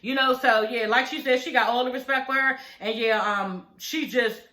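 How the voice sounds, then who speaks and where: A woman's voice: fairly high pitch, fairly even intonation, normal speed, bright, forceful tone. A woman casually recapping a reality TV show, chatty and blunt, swearing freely. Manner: chatty, blunt, profane commentary. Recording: roomy echo.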